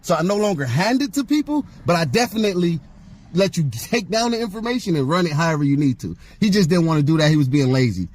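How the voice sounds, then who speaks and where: A man's voice: fairly high pitch, sing-song, fast, darkish tone. A man in a parked car arguing with police in a defiant, irritated way, cursing often. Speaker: driver filming a police stop. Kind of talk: confrontational argument with police. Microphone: handheld recording camera.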